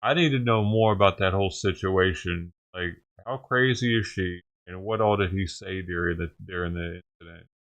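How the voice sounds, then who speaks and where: A man's voice: low-pitched, normal speed, hardly any pauses, fairly bright tone. A man hosting a vlog who rants and swears heatedly while reacting to a news clip. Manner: heated, ranting, swears often. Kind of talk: profane reaction commentary.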